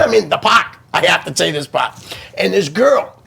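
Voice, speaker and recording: A man with a high, very gravelly voice hosts a laid-back wrestling talk stream. He tells his stories in an animated way, his pitch swinging widely as he goes. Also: moderate pace, crowd noise. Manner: animated storyteller, jumps high when quoting. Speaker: host. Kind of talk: casual chat.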